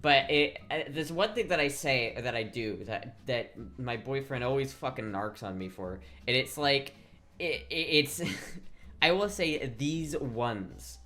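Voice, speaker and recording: A young podcast co-host with a Midwestern accent and a bright, forward tone, talking in a loose ramble that trips over repeated words. The pitch sits in a middle range, and the talk is casual and salted with curses. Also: a little slow. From Iowa, US. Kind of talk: casual chat.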